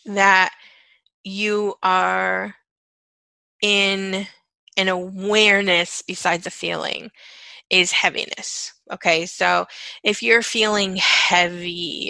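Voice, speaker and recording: A woman leads a guided self-help talk with a gravelly edge to her voice. She repeats phrases like a chant, and her delivery is conversational and full of check-ins. Her tone is bright and the sound is very dry. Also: mid-range voice, no room sound, poor audio. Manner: conversational, frequent "okay" and "right". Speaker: energy-clearing facilitator.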